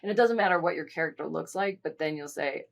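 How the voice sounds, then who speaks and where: A woman's voice: low voice, fast talker, creaky. A woman co-hosting a podcast, chatting casually and candidly, with lots of asides. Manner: candid, talks through stories with frequent asides. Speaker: podcast co-host. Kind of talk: casual chat.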